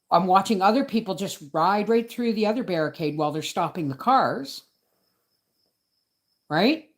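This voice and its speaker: A middle-aged woman telling a story as host of a homesteading channel, indignant and emphatic, often adding "right?" and "folks". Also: deep voice. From Canada. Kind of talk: storytelling livestream chat.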